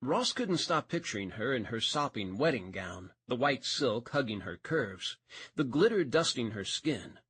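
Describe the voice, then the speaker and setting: Expressive male audiobook narrator, husky. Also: medium pitch, a little slow. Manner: expressive reading, voices each character.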